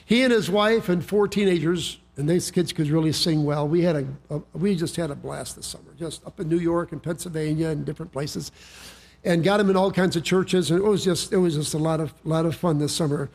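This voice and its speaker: A man's voice: on the high side, fairly quick, darkish tone. A man preaching a sermon, telling a story in a folksy way with frequent restarts and repeated words. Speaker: pastor.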